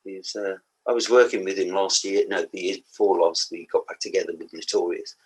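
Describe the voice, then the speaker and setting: Older Black Country musician, husky and low, rambling and anecdotal. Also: male voice, steady tone, a little fast, poor audio. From England. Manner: rambling anecdotes with laughs and asides. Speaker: guest musician. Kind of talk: casual podcast interview.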